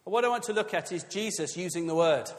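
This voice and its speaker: A man's voice: high voice, lively intonation, fairly quick, long reverb tail. A man preaching a sermon in a conversational, emphatic way, with friendly asides to his listeners.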